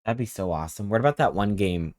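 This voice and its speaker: A man's voice: on the low side, lively intonation, fast, a little mellow, a little hiss or hum. A young man streaming a game, chatting casually with viewers in a playful, rambling, joking way as he reacts to chat. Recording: game music playing behind the voice.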